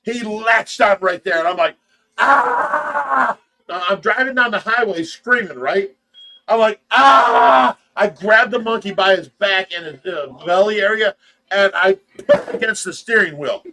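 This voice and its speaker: A man hosting a casual livestream, telling a story with animated shouts and quick impressions, in a Midwestern American accent. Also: high-pitched, noisy background. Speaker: show host telling a story.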